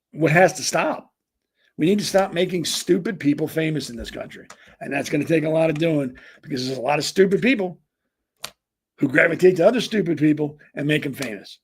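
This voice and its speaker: A man with a somewhat high, husky voice rants as a podcast host. He hammers his points again and again and often stumbles into restarts as he pushes ahead. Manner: emphatic, repetitive, stumbling restarts. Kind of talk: ranting political commentary.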